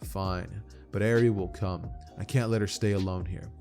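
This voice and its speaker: A man's voice: sits low, fairly even intonation, normal speed, gravelly, darkish tone, soft background music. Man doing a cold ruthless fighter. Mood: curt. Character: cold, ruthless martial artist man, blunt teacher.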